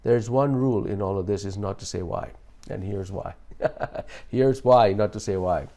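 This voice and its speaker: A man hosting a self-help talk, speaking in a calm, explanatory way with frequent restarts. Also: fairly low pitch, measured pace. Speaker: host.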